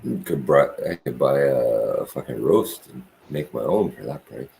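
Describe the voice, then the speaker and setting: A man's voice: a bass voice, expressive, unhurried, creaky, warm tone. A man vlogging on the road, joking in casual chat with a companion. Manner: joking, wry banter.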